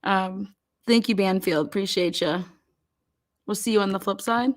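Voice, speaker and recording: A woman's voice: medium pitch, normal speed. A woman hosting a true crime live stream, chatting casually, laughing often and swearing loosely.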